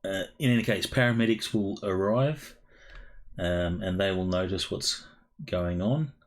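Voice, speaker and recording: A man with a low voice runs a tabletop game. He narrates slowly and breaks his sentences with fillers. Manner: halting, many fillers. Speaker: game master.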